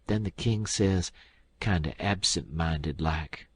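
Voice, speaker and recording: A man reads an audiobook in a plain, folksy storytelling way. His voice is very low and husky. The sound is dry and close-miked. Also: takes it slowly, fairly bright tone, no room sound. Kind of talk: audiobook narration.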